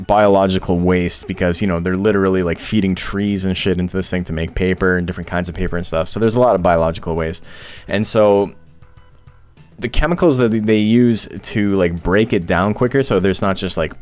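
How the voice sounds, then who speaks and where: A man's voice: sits low, clear, resonant tone. A young man streaming a game, chatting casually in loose, profane, joking rants. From Ontario, Canada. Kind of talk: casual chat while gaming. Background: faint game music.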